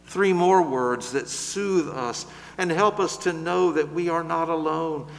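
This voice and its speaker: A man preaching a sermon in a slow, measured way, building louder through lists and then dropping to a soft, gentle close. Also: high-pitched, gravelly, in a large hall.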